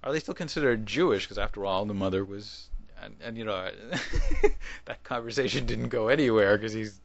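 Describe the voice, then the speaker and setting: A man's voice: on the low side, huge pitch swings, moderate pace, vocal fry, highs cut off. A man talking casually in a video response, rambling, restarting his sentences and chuckling as he goes. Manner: rambling, self-interrupting with chuckles. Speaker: video blogger.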